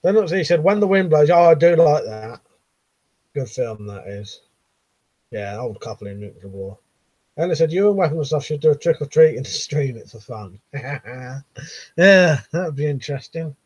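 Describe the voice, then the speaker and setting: A man's voice: a little high, animated, moderate pace, darkish tone, no echo, poor audio. A man with a Southern English accent hosting a casual live stream, reading viewers' comments aloud with frequent laughs and casual swearing. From Buckinghamshire, England.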